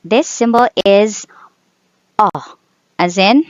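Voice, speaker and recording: A woman's voice: mid-range voice, takes it slowly, dry recording. A woman teaching English vowel sounds, saying each example word twice and drawing the sounds out carefully. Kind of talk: slow phonetics lesson. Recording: dull, dry sound.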